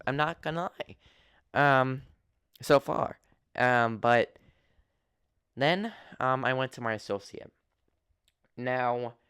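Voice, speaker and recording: A young man telling a personal story in a halting, earnest way, full of restarts and fillers. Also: lowish voice, a bit bright, clear, resonant tone, no echo, clean studio sound. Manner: earnest and open. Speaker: vlogger.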